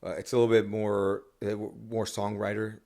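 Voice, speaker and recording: A man's voice: fairly low pitch, completely flat delivery, a little fast, dark tone. A man talking as a songwriter guest on a podcast, rambling casually with many restarts and fillers.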